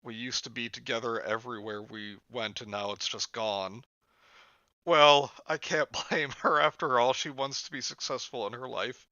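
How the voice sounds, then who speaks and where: Host, male, bright tone, mocking comic story reader, lo-fi mic. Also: steady tone, moderate pace, no echo. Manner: mocking, breaks into laughter, jumps high for exaggerated lines. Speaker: host reading a story aloud. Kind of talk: comedic dramatic reading with friends.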